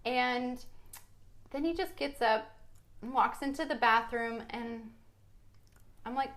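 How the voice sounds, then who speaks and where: A middle-aged woman with a somewhat high-pitched voice co-hosts a casual podcast. She tells stories expressively and talks in an easy, conversational way. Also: takes it slowly, pauses often. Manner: expressive storyteller, laughs often. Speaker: podcast co-host. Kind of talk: casual chat.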